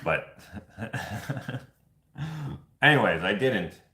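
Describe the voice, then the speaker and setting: A man with a fairly low voice hosts a casual vlog, rambling and chuckling as he talks. The sound is roomy and echoey. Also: animated, extremely slow, bright, forceful tone. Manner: rambling, chuckling, loose and chatty. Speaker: vlog host running a giveaway. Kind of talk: casual chat.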